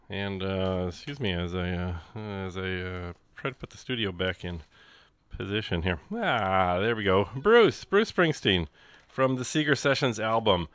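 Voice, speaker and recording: A man's voice: sits low, lively intonation, measured pace, fairly bright tone, no echo. A man hosting a radio music show, chatting casually in a rambling, joking way with many fillers and restarts from the studio.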